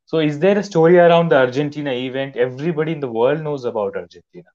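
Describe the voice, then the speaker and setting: A man's voice: on the high side, fast talker, darkish tone, muffled recording. A man interviewing a guest, asking questions hesitantly with fillers.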